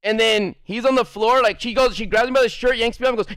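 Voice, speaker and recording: A man with a high voice tells a childhood story in a loose, rambling way, swearing freely. The sound is dry and close. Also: fast, few pauses, a bit bright, dry recording. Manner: rambling, profane, laughs often. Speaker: streamer. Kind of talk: casual storytelling.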